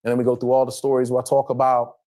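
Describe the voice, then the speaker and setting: A middle-aged man from Los Angeles, a guest actor, telling animated stories on a panel show and slipping into other people's lines. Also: mid-range voice, rapid-fire.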